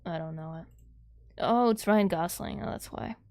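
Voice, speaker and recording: A woman's voice: lowish voice, normal speed, a little mellow. A woman livestreaming, chatting casually with her viewers in a rambling, giggly way, laughing often.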